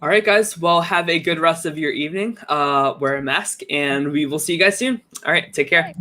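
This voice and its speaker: Male host, casual chat; relaxed, filler-heavy, friendly sign-off tone. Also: a little high, moderate pace. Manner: easygoing, filler-heavy wrap-up. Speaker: podcast host.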